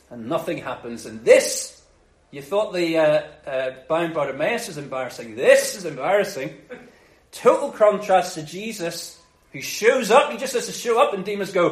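A male preacher telling a story in a loose, joking style, his voice sitting fairly high. He sounds roomy, with noticeable echo. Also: moderate pace. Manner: lively, jokey retelling. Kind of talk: casual sermon storytelling. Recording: echoey room.

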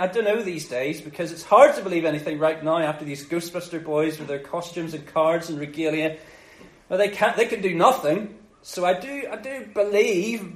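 A man's voice: high-pitched, roomy sound, natural voice, low-quality recording. A man voicing a shaken father who hesitantly pleads for help.

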